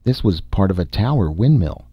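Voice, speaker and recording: A man voicing a nervous, curious male explorer in a storybook reading, with a husky voice. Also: deep voice, lively intonation, normal speed, dry recording, lo-fi sound. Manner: nervous, eager.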